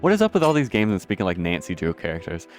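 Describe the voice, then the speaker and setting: Deep-voiced guy chatting while he plays, swears a lot, bit of music in the back. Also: wildly swooping pitch, quick pace. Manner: rambling, profane, self-deprecating. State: out of breath. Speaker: gameplay streamer. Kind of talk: casual gameplay commentary.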